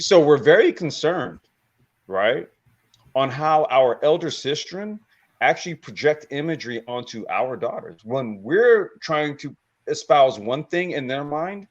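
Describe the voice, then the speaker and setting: Male panel guest, lively swooping delivery, dull lo-fi sound, swears a lot. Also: mid-range voice. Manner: animated, profane, repeats himself. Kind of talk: casual panel chat. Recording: lo-fi remote audio.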